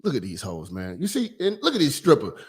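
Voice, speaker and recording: A man hosting a call-in radio show, ranting loudly and crudely, rambling, swearing and often breaking into laughter. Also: medium pitch, wildly swooping pitch, brisk, slightly rough.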